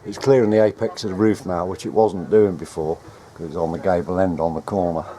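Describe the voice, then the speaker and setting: A man's voice: deep voice, fairly even intonation, fairly quick, dark tone, a little hiss or hum. A man chatting and rambling to a handheld camera outdoors at home, correcting himself as he goes. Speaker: radio hobbyist vlogger. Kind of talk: casual running commentary to camera. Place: outdoors at home on ladders and in the garden. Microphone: handheld camera mic.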